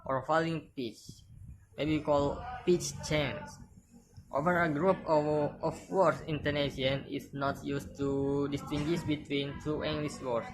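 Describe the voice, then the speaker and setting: A woman reading a phonetics lesson aloud, carefully and deliberately, repeating example words. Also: deep voice, poor audio. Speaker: student presenter.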